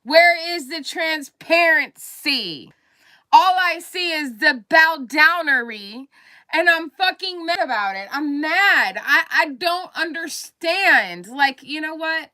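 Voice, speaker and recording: A woman's voice: high-pitched, lively intonation, slow, sharp tone. A woman livestreaming an angry, profane rant, repeating herself heatedly.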